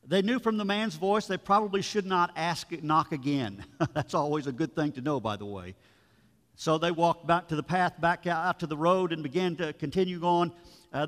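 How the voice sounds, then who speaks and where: A man's voice: on the high side, fairly bright tone. A man, a pastor, giving a sermon in a storytelling, conversational way, with asides to his listeners. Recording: long reverb of a large room.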